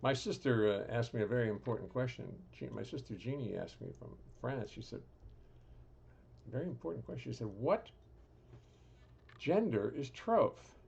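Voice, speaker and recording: A man's voice: medium pitch, brisk, vocal fry, a little mellow, husky, dull audio. A man hosting a live stream from his home music studio, chatting casually with dry humor and rambling restarts. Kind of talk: casual chat.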